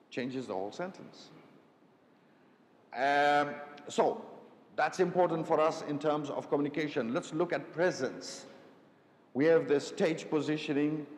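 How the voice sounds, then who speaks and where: A man runs a live public speaking workshop, questioning the audience and frequently checking in with "right?". It's recorded in an echoey hall with a faint rumble.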